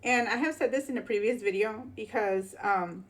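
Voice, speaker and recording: A woman's voice: mid-range voice, moderate pace. A woman with a Chicago accent talking casually in a vlog, slangy, rambling and fired up. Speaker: vlogger.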